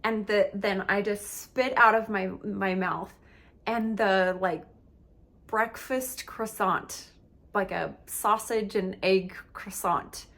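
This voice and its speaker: Candid woman coach with a gravelly edge. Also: medium pitch, fairly even intonation, slow, a bit bright. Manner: candid, emotional, filler-heavy with frequent "like". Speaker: relationship and meditation coach. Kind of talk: personal storytelling in a coaching talk.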